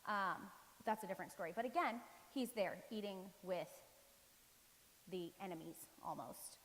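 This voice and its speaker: A middle-aged woman preaching a casual, conversational sermon, animated and full of ums and likes. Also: mid-range voice, moderate pace, long reverb tail, low-quality recording. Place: church sanctuary.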